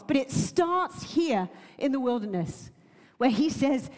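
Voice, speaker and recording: A woman's voice: sits high, lively intonation, a little slow, a little mellow, big-room sound. A woman preacher giving a sermon, earnest and emotional, laughing now and then and using many fillers.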